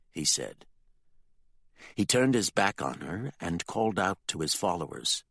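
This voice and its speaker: A man narrating a dark fantasy audiobook with expressive, dramatic storytelling. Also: rumbling low, measured pace, gravelly, husky, no echo, clean studio sound.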